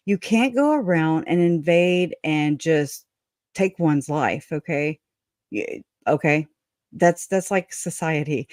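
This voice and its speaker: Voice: medium pitch, a little mellow, no room sound, studio quality. A livestream host in casual commentary, reading quotes aloud and chatting with viewers, with loose, folksy speech and frequent laughter. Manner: chatty, laughs often, breaks off to talk to chat.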